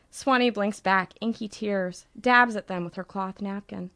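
A woman narrating a novel as an audiobook in a measured, wry storytelling manner. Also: mid-range voice, fairly bright tone, no echo.

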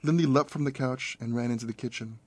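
A man reading a horror story aloud as narrator, in a steady, measured storytelling manner. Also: mid-range voice, no room sound. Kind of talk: scripted audiobook narration.

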